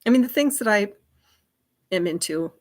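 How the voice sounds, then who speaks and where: A woman's voice: mid-range voice, expressive, moderate pace. A woman hosting a livestream, chatting in a rambling way and answering viewer comments. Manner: chatty and rambling, many fillers and asides. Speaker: livestream host.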